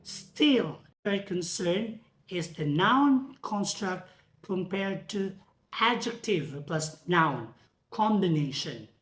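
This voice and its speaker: A woman's voice: lowish voice, expressive, takes it slowly, fairly bright tone. A woman giving a lecture on English pronunciation, carefully repeating example words aloud. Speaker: teacher. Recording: echoey room.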